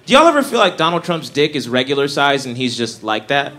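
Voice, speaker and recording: A man's voice: medium pitch, sing-song, fairly quick, bright, forceful tone. Wry young male stand-up comic. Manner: conversational, wry, laughs at own jokes. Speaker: stand-up comedian. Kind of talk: stand-up comedy set. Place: comedy club stage. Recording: live club recording with crowd and noise. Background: audience laughter.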